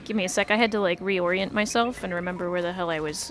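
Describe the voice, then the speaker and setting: A young woman streaming a video game, chatting casually with her viewers, swearing at the game and greeting people loudly. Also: fairly low pitch, quick pace, hardly any pauses, faint music behind. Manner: chatty, swears, loud excited greetings to chat.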